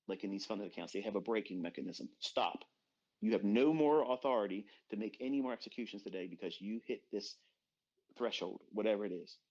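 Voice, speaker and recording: A middle-aged man giving a blunt, profane motivational rant as a trading mentor, dropping to low murmurs and then bursting out loud. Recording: dull lo-fi recording.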